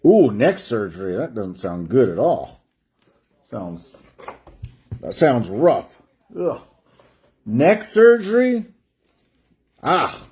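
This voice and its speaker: A man's voice: on the low side, big pitch swings, slow, long pauses, a little mellow, husky. A man hosting a sports card break stream, chatting and joking while calling out player names. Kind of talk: livestream card-break banter.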